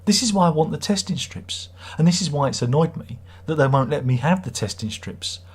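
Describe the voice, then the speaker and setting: Hosting a casual livestream chat, a middle-aged British man rambles with wry, self-deprecating humor. His voice leans high and animated, brisk in pace, with a darkish tone and a breathy edge.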